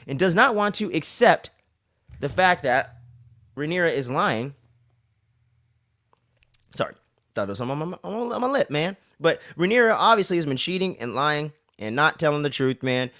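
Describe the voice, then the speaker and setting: A man's voice: on the high side, no room sound, clean studio sound. A young man hosting a casual TV recap, talking in loose, profane slang. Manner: slangy and profane, animated retelling. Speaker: recap show host.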